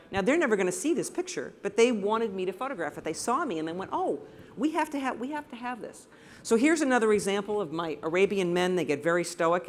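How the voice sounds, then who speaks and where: A woman from the United States, a photographer giving an enthusiastic, anecdotal slide presentation to a live audience in a room. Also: fairly low pitch.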